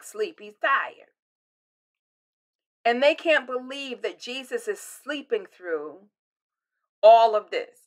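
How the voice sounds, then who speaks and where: An older woman pastor preaches a short devotional with a bright, ringing voice pitched a little high. Her delivery is expressive: she presses hard on key words, then drops to soft, breathy near-whispers. The tone is personal and direct. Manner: expressive, swinging from loud emphasis to hushed near-whispers. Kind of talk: devotional sermon.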